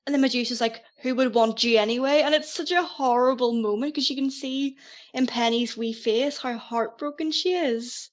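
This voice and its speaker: A woman's voice: high voice, moderate pace. A woman with a Northern Irish accent, a co-host on a film podcast, animatedly retelling a scene. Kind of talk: casual film-review chat.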